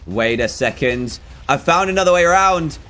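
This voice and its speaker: Young guy playing a game, high lively voice, yelps and groans, faint music behind. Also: moderate pace, background noise. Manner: excitable, exclaims and groans at failed jumps. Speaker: gaming YouTuber. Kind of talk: let's play commentary.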